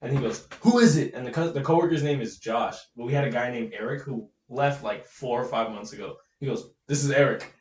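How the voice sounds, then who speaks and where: A man's voice: mid-range voice, fairly quick, few pauses, darkish tone. A young man co-hosting a podcast, telling work stories in a laid-back way and swearing often. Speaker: podcast co-host. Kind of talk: casual chat. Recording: echoey room, distant mic, faint noise.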